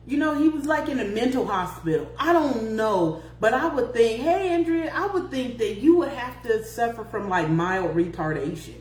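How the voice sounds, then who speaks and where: Profane, animated woman telling a dating story. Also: a little high, normal speed, hardly any pauses. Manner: profane, animated, acts out both sides of the story. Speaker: podcast host. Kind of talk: casual storytelling to listeners. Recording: echoey room with faint hum.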